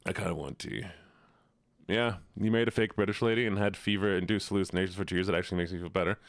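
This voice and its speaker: A man's voice: low-pitched, fairly even intonation, fast talker, no echo, clean studio sound. A man streaming live, chatting casually with his audience in a playful, teasing way full of mock outrage.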